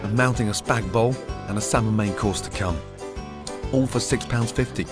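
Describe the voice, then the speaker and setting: A man's voice: mid-range voice, normal speed. A man reading scripted voice-over narration in a dry, wry manner. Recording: loud music bed under narration.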